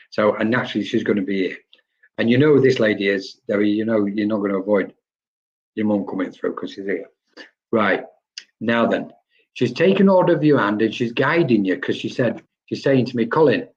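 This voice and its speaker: A man's voice: on the low side, muffled recording. A man working as a psychic medium, giving live-stream readings in a chatty way and often checking in with "okay?". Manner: chatty, tags lines with "okay?".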